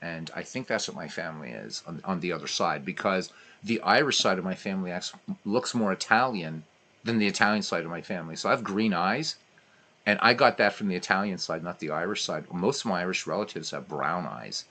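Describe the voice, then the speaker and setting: A man chatting casually on a stream, telling rambling, animated stories. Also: sits low, brisk. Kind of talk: casual chat while playing.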